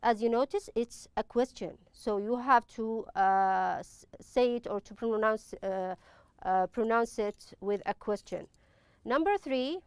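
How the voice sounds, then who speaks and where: Woman teacher, unhurried and smooth, dry close sound. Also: fairly high pitch, dry recording. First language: Arabic. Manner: patient, step-by-step explaining with frequent pauses. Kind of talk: online classroom lesson.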